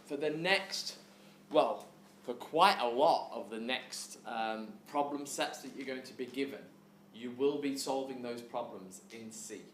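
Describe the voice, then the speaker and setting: A man's voice: medium pitch, a little slow, fairly bright tone, slight background noise. A young man giving a casual classroom lecture, loosely phrased. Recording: echoey hall.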